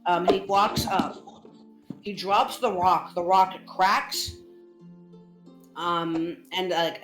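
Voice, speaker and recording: A woman's voice: lowish voice, fairly bright tone. A woman narrating a tabletop game as game master, rambling with many restarts. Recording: roomy with faint music.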